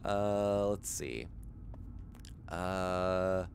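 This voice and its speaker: A man's voice: deep voice, extremely slow, a little hiss or hum. A man streaming a video game, chatting casually and rambling as he answers chat, chuckling often. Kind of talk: casual gaming livestream chat.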